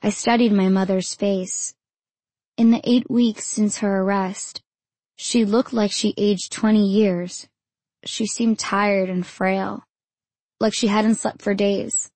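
A woman narrating her own memoir in the first person, in a measured, intimate storytelling manner. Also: medium pitch, steady tone, darkish tone, no room sound.

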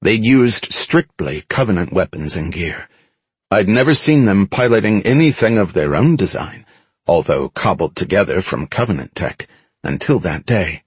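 A man narrating an action story in the first person as an audiobook, dramatic and expressive. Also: deep voice, normal speed, slightly rough, no room sound.

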